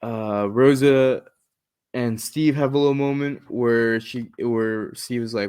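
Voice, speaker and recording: A man's voice: mid-range voice, takes it slowly, clean tone. A man on a podcast, casually retelling a comic book's plot scene by scene and quoting characters' lines along the way. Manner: animated retelling with quoted lines. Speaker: podcast co-host.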